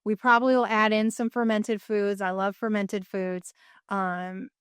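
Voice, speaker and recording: A middle-aged woman with a smooth, resonant voice talks as a guest on a podcast. She explains eagerly, running through lists at a brisk clip, and the recording is dry and close. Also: medium pitch, level tone, no echo. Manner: enthusiastic, explains in quick lists. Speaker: guest, nutrition therapy practitioner. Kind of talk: podcast interview.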